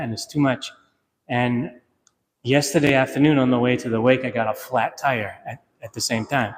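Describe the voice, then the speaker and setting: A man's voice: medium pitch, a little hiss or hum. A man preaching a homily in an easy, conversational way, mixing personal anecdotes with encouragement. His mid-range voice carries a long, hall-like reverb. A faint room ambience sits underneath. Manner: conversational, plain-spoken preaching with personal stories. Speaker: priest.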